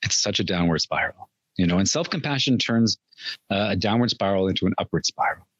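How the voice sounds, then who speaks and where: A man's voice: fairly low pitch, animated, a little fast, fairly bright tone, slightly rough, no echo. Earnest man on a dull, dry line. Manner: earnest and reflective, laughs at his own slips. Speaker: podcast guest. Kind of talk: casual interview chat.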